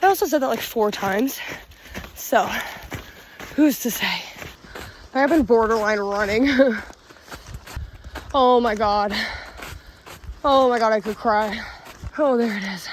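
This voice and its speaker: A woman's voice: fairly high pitch, takes it slowly, pauses often, background noise. A young woman vlogging alone on a forest trail, tired, frustrated and close to tears, swearing and laughing it off. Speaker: solo backpacking vlogger. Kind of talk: casual vlog narration while hiking.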